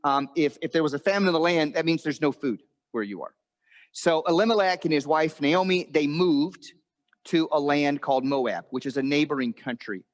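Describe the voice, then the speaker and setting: A man preaching a sermon, telling a story and acting out the quoted voices with big swings in pitch. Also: normal speed, long reverb tail. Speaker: pastor. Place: church auditorium.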